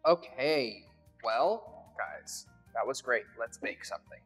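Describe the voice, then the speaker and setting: A man's voice: mid-range voice, lively intonation, slow pace, over loud music. A man hosting a casual cooking chat in a home kitchen, tipsy and playfully teasing his guest. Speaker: host.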